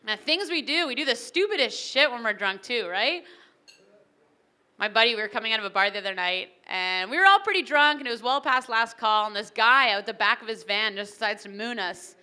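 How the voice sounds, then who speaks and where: A young woman doing an animated, chatty stand-up comedy set at a wedding reception, acting out little characters. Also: on the high side, a little fast.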